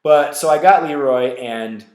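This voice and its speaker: A man hosting a podcast, telling a story casually in a loose, profane, animated way with lots of fillers. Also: medium pitch, measured pace. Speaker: podcast host. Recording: roomy echo.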